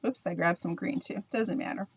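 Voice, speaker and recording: A woman's voice: fairly low pitch, normal speed, breathy edge. A middle-aged woman with a Canadian accent, leading a live painting tutorial in a chatty, rambling way full of asides to her viewers. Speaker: painting instructor.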